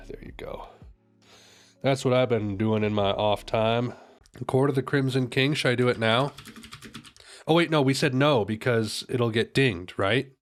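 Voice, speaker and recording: A young man chatting casually while reacting to music, rambling and correcting himself with joking asides. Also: on the low side. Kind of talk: casual chat.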